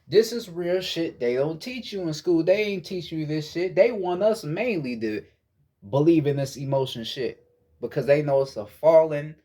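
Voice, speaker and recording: A young man lectures on meditation in a loose, profane, preachy way, circling back over his own words as he goes. His voice sits high and jumps around a lot. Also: a little mellow. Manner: repeats words while searching for phrasing. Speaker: spiritual teacher. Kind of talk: casual spoken lesson on meditation.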